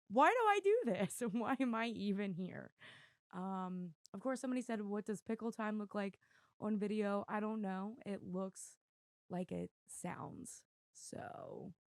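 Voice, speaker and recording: Hoarse, gravelly self-mocking woman host. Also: medium pitch, a little mellow, no room sound. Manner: self-deprecating, rambling, laughs often. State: losing her voice. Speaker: podcast host. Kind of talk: casual chat. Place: room at home with dogs. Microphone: desk mic on video.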